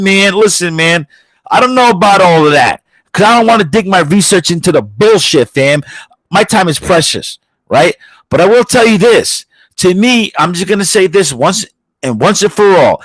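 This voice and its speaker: Man, podcast host, aggressive profane rant, slightly high voice, dry sound. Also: no room sound, rough recording. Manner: aggressive, swearing, mocking voices. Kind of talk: profane ranting commentary.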